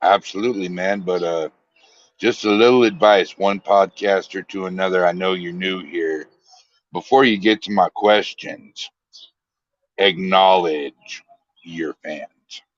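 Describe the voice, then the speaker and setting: A man guesting on a podcast over a call, joking and relaxed in casual banter. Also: deep voice, a little slow, dry recording. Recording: dull lo-fi call audio.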